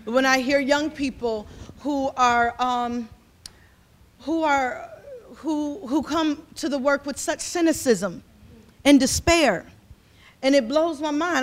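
A community organizer in her forties addresses an audience with a high-pitched, unhurried voice. Her impassioned speech is fervent and rambling, repeating itself as it builds.

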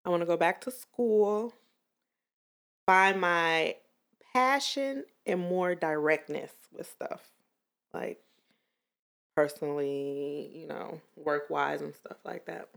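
A woman's voice: lowish voice, takes it slowly, vocal fry, pauses often, a bit bright. A woman co-hosting a podcast, chatting casually and laughing often. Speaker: podcast co-host. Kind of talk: casual chat.

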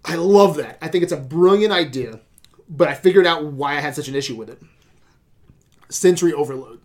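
Man with a slightly high voice, casual podcast rant, lots of swearing, exasperated. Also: brisk. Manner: animated, swears a lot, exasperated. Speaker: podcast host reviewing movies. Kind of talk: casual profane movie rant.

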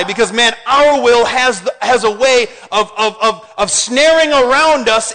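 Guy preaching, really high bright voice, lots of hall reverb. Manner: animated, preacherly, asks the congregation questions. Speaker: pastor. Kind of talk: sermon.

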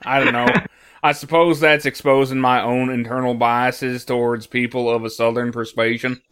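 A man's voice: mid-range voice, level tone, normal speed, a bit bright, clean tone. A man from Missouri co-hosting a podcast, chatting casually, joking and swearing with stammering restarts. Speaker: podcast co-host.

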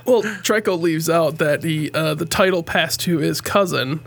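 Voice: medium pitch, measured pace, vocal fry, slight background noise. A podcast co-host chatting casually, teasing the others and laughing often. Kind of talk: casual chat.

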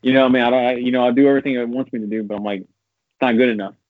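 A man rambling in casual gaming chat, swearing often and getting animated when he vents. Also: mid-range voice, very fast, no room sound. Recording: tinny phone-like dry sound.

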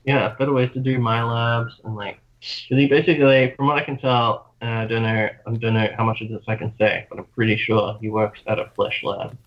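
A man's voice: mid-range voice, level tone, fairly quick. A man with an Australian accent telling long, rambling, profane stories in casual chat. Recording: dull lo-fi sound.

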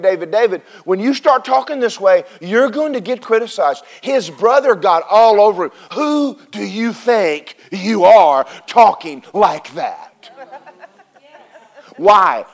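High-pitched guy preaching hard, acts out bible characters, church crowd answering back. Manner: animated, preaching with call-and-response and acted Bible voices. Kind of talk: sermon. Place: church service with congregation responding.

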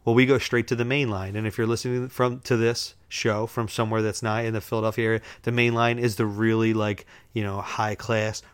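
A man's voice: on the low side, flat delivery, brisk, hardly any pauses, smooth. A man hosting a show, telling rambling, self-amused stories in a casual way, chuckling as he goes. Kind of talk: casual storytelling.

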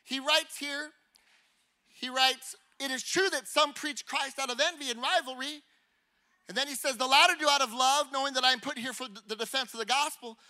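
A man preaching a sermon. He talks in a conversational, animated way, firing rhetorical questions at the congregation and acting out little scenes. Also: very high voice, moderate pace. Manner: acts out little scenes and honking noises.

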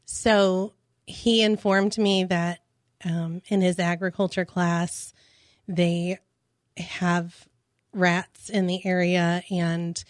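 A woman, a parent, telling her story on a radio talk show, hesitant and halting with many restarts. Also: lowish voice, flat delivery, dry recording, studio quality. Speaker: guest, parent.

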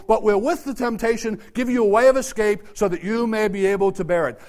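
A middle-aged man preaching a sermon at a church service, swinging from loud, emphatic urging to low, quiet asides. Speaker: pastor.

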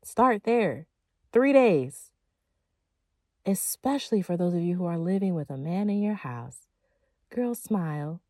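A woman's voice: on the low side, animated, a little slow, pauses often, darkish tone, no room sound. A woman giving a motivational monologue as a feminine energy coach, emphatic and casual, with slang and playful asides.

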